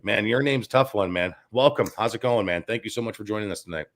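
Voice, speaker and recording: A man with a South Side Chicago accent hosting a sports talk show, loud, excitable and cursing freely. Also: on the low side, quick pace.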